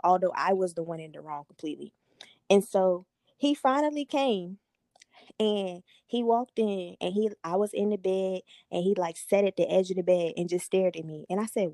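A young woman hosting a podcast tells a personal story in a candid, profane, animated way during casual chat. Her mid-range voice runs a little fast, and the recording is dry with clean studio sound.

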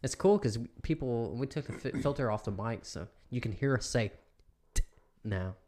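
A man's voice: mid-range voice, lively intonation, normal speed, dark tone. A man co-hosting a podcast in casual chat, crude and joking, laughing often. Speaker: podcast co-host.

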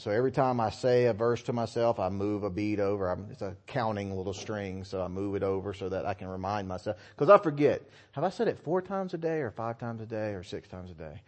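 A middle-aged man giving a sermon in a church, dropping to quiet asides and rising to loud, emphatic readings of scripture. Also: lowish voice. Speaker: preacher.

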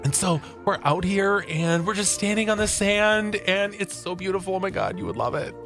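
Guy doing a super chill dreamy beach dude, soft drawly sing-song, high and floaty. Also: expressive, normal speed, over loud music. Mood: blissed-out. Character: dreamy, blissed-out man on a tropical holiday. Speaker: podcast co-host.

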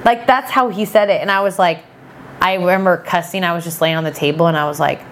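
A woman in her thirties, a podcast guest, telling a personal story in a chatty, animated way and acting out what people said. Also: lowish voice, fast talker, background noise. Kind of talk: casual storytelling chat.

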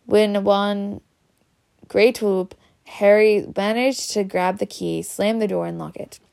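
A woman reading a children's story aloud in a steady way. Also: mid-range voice, takes it slowly, gravelly. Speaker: reader.

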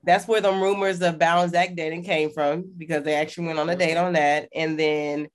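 A woman's voice: sits low, steady tone, brisk. A woman co-hosting a podcast, giving frank, emphatic opinions in casual chat. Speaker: podcast co-host.

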